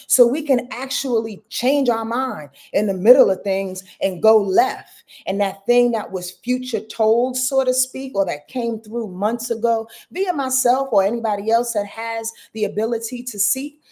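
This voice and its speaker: A woman's voice: fairly high pitch, mellow. A woman, an astrologer chatting casually to her livestream viewers, with lots of fillers and direct address. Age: 50s. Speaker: astrologer and host.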